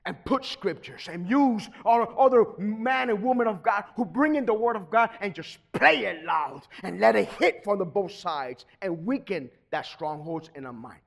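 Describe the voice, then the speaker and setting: A middle-aged man preaching a sermon, swinging between quiet, steady teaching and sudden loud, shouted bursts. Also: high voice, moderate pace, vocal fry, few pauses. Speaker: pastor.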